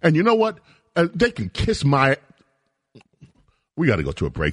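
A man's voice: a little high, wildly swooping pitch, normal speed, breathy edge, dry recording. A man hosting a talk radio show, ranting in a heated, emphatic political monologue from a studio microphone.

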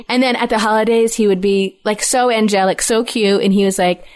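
A woman's voice: mid-range voice, steady tone, brisk, a little mellow. A woman in her thirties co-hosting a podcast, telling family stories in casual chat and laughing often as she talks. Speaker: podcast co-host.

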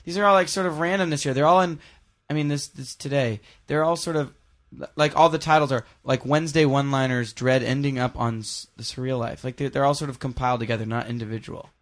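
A man's voice: mid-range voice, fairly even intonation, quick pace. A man hosting a casual podcast chat, teasing his co-host and reading out jokes. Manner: teasing, jokey, reads one-liners aloud.

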